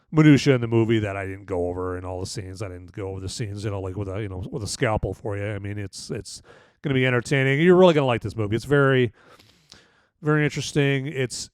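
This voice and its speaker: A man's voice: medium pitch, clear, resonant tone, no room sound, studio quality. Rambling man casually reviewing a film. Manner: rambling, full of "you know" and restarts. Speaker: podcast host and movie reviewer.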